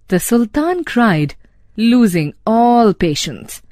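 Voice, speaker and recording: Woman, Indian English accent, storybook narrator for kids; slow, lively pitch. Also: no echo, clean studio sound. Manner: clear, expressive reading. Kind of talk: scripted story narration for children.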